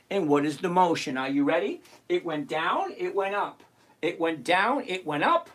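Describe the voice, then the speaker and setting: On a live trading stream, a middle-aged man answers viewer questions about covered calls at a normal pace in a high voice. His manner is teasing, animated and brash, and he reads each chatter's name aloud.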